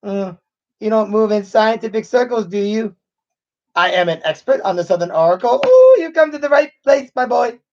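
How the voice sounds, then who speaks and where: A man voicing a mean, pompous little old male gnome scientist, squeaky and snappish. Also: very animated, moderate pace, darkish tone, muffled recording.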